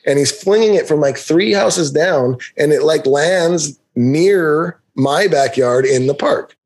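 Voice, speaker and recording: A man's voice: a little high, creaky, slightly rough. A man co-hosting a podcast, telling a long story in casual chat and acting out the quotes with big jumps in his voice. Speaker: podcast co-host.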